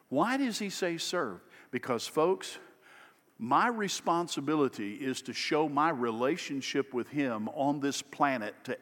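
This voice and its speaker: A man preaching a sermon, delivering it emphatically and rising louder on key phrases. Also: a little high, in a large hall. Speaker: pastor.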